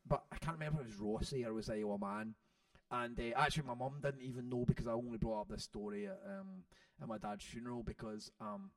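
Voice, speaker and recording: A man, an author telling stories about his father in an interview, animated and swearing freely. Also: mid-range voice, gravelly, no room sound. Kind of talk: storytelling in an interview. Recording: dry sound from a distant mic.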